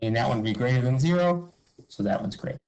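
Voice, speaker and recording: Speaking quickly and expressively, a man with a medium-pitched, slightly mellow voice runs an upbeat math review. He explains each step informally, asks himself questions and answers them, and often says "okay" and "cool." The sound is lo-fi.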